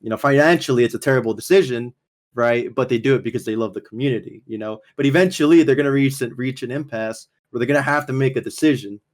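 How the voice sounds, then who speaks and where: A man's voice: mid-range voice, quick pace. A man hosting a casual panel stream, talking conversationally and checking for agreement as he goes. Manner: conversational, seeks agreement with "right?". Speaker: stream host.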